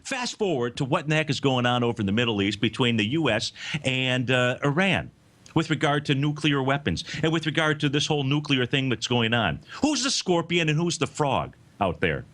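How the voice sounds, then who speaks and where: A man's voice: mid-range voice, expressive, brisk, fairly bright tone. A man hosting a live financial talk show, speaking to listeners in a folksy, emphatic way.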